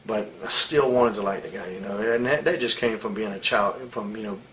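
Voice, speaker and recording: A man's voice: on the low side, brisk, a bit bright, slight background noise, low-quality recording. A man in his forties in a candid interview, telling stories bluntly, with a lot of swearing and real heat. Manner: blunt, profane, heated storytelling. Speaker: interviewee, wrestler.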